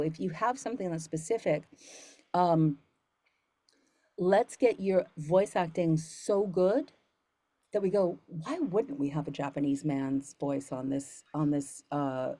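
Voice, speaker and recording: An earnest woman voiceover coach answers student questions in a loose, rambling way, full of ums and restarts. Her voice sits fairly low, and it is recorded close and dry with no room sound. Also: warm tone, dry recording. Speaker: voiceover coach and studio founder. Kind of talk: casual Q&A talk to students.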